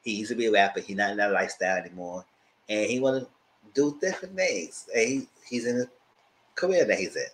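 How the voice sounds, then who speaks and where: Guy doing a chatty tv recap, pitch jumps all over, squeaky voices when he quotes folks. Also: quick pace, poor audio. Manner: animated storytelling, acting out quotes in a squealing high voice; loud laughs and shouted asides. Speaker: TV show reviewer. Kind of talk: casual recap commentary.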